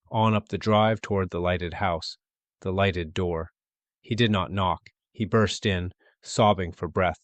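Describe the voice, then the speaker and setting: A man narrating a classic short story as an audiobook, in a steady, measured reading. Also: low-pitched, dry recording. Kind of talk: scripted literary narration.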